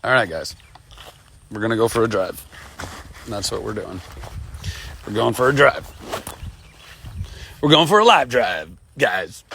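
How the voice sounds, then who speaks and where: Rambling playful man, animated pitch. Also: a little slow, vocal fry, pauses often, a little hiss or hum. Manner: rambling, full of fillers and repeated "you know what I mean"; playful, laughs often. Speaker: vlogger on a live stream. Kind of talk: casual live-stream chat. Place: outdoors by a river.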